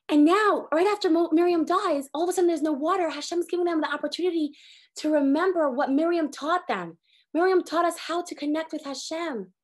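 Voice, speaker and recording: High-voiced, animated woman teaching. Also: a little fast. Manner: animated storyteller, acts out quoted voices. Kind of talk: Torah lesson to a group.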